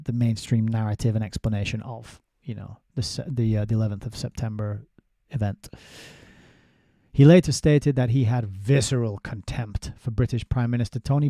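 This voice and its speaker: Male book reviewer with a deep, warm, dark tone and a dry close sound. He is sardonic and halting. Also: dry recording. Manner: sardonic asides with halting restarts. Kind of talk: casual spoken book review, reading passages aloud.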